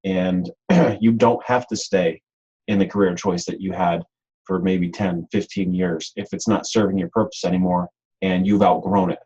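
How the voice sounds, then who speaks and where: A man's voice: deep voice, steady tone, moderate pace, dark tone, slightly rough, lo-fi sound. A man presenting a webinar in a rambling, unscripted way, with frequent ums and repeated words.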